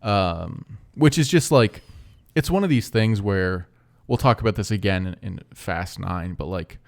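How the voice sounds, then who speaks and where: Casting: young male podcast co-host, lowish gravelly voice, relaxed conversational delivery. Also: a little slow. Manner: laid-back, drifts into mock quotes. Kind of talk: casual movie podcast chat.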